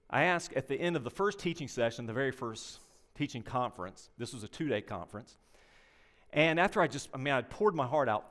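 An older man preaching a sermon, animated and conversational, telling anecdotes and addressing the congregation directly. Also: medium pitch. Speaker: pastor.

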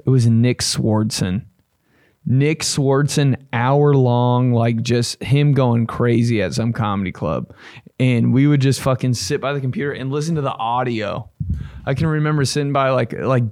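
A young man hosting a podcast, chatting casually in a loose, profane, rambling way with bursts of excitement. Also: mid-range voice, dry recording, clean studio sound. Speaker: podcast host. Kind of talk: casual chat.

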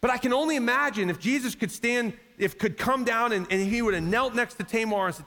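A man's voice: very high voice, brisk, hardly any pauses, bright, forceful tone. A man preaching a sermon as pastor, in a conversational style that acts out quoted voices and rises to emphatic peaks. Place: church sanctuary. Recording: long reverb of a large hall.

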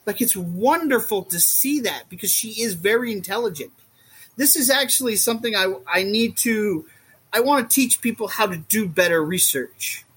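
Husky man rambling about his reptiles. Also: sits high, moderate pace. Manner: rambling and animated, acts out quotes. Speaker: guest, reptile keeper. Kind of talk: casual podcast chat.

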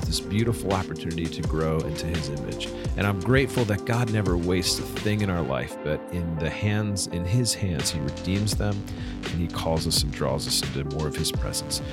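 Lower-voiced man giving a pastoral blessing. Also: moderate pace, loud music behind the voice. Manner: warm pastoral benediction, earnest. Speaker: podcast co-host. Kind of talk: casual chat and closing blessing.

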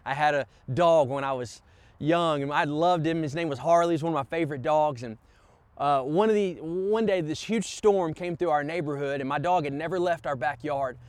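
A man's voice: on the high side, moderate pace, clean tone, no room sound. A man preaching a sermon as pastor, impassioned and urging the congregation on. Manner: impassioned preaching, repeated "come on" calls to the congregation.

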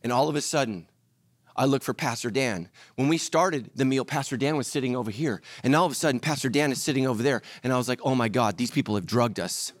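A middle-aged male pastor preaching a sermon, telling stories and acting out voices with lively energy. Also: medium pitch, fast, no echo. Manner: animated storytelling, acts out voices.

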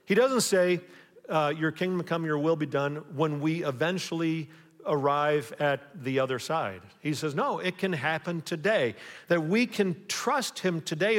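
Man preaching in an echoing church. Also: a little high. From United States. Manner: call-and-response preaching, rising emphasis. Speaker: pastor. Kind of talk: sermon. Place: church sanctuary. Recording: long reverb of a church hall.

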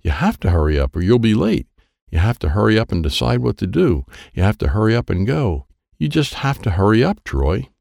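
A man's voice: big pitch swings, a little fast, creaky, a little mellow, dry recording, studio quality. A man voicing a bossy, impatient young girl in a storybook reading, pushing everyone to hurry. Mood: urgent. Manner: urgent, pushy, high-pitched. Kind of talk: storybook character voice.

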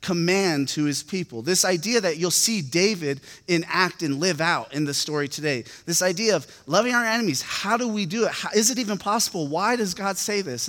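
A man preaching a sermon in a relaxed, storytelling way, with lots of casual fillers. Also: sits high. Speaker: pastor. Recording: long reverb of a hall.

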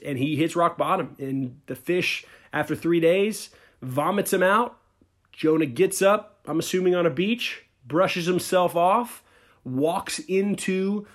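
A male pastor preaching a sermon, telling a Bible story in a conversational, animated way with casual asides. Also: a little high.

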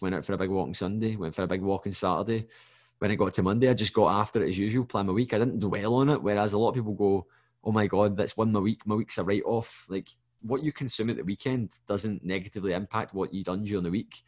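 A man's voice: on the low side, fast, darkish tone. A man, a fitness coach, giving advice in a rambling, conversational solo podcast monologue and often checking in with the listener. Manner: rambling and conversational, with frequent "do you know what I mean"; direct, motivational advice.

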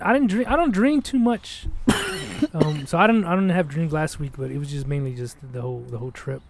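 A young man casually telling a long, rambling, profane story, acting out what people said. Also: fairly high pitch. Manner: rambling, profane, animated, acts out quotes.

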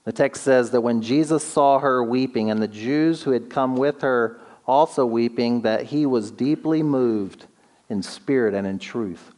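A man preaching a sermon, earnest, asking the listener questions and slowing down to stress key words. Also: mid-range voice, darkish tone. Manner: earnest, slows down for emphasis, asks rhetorical questions. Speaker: pastor.

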